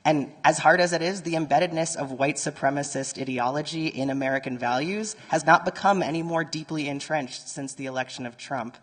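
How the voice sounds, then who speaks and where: A man's voice: fairly high pitch, brisk, few pauses, fairly bright tone. A man giving a conference talk to a live audience, speaking conversationally and turning to the room with nerdy asides. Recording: long reverb from a large conference hall.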